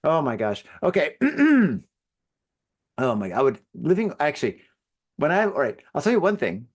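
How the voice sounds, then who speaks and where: A man's voice: fairly high pitch, huge pitch swings, normal speed. A man hosting a solo podcast, reading news stories and rambling with jokes and many fillers. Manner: rambling, joking, filler-heavy. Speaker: podcast host.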